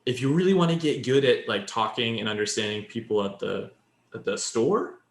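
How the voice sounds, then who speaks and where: A man co-hosts a podcast in relaxed casual chat, explaining Japanese by stacking one example after another. His voice sits at a middling pitch. The room around him gives it a roomy echo. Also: fairly quick. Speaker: podcast co-host.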